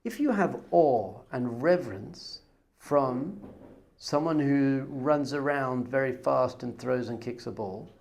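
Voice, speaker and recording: A rabbi giving a Torah class, animated, acting out other people's voices with gasps and whispers. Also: male voice, medium pitch, slow pace, vocal fry. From not American.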